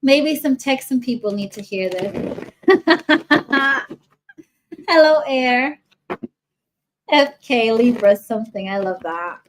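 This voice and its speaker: A woman with a somewhat high voice reads tarot cards for her viewers in a loose, chatty way. She rambles, restarts her sentences and drifts into asides. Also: animated, unhurried, a little hiss or hum, rough recording. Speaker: tarot reader. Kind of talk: casual tarot reading for viewers.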